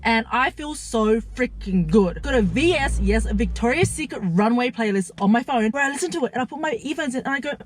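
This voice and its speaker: A young woman telling a story to camera in a blunt, profane, animated way, giving mindset advice. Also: a little high, fairly quick, few pauses. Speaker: lifestyle and mindset creator.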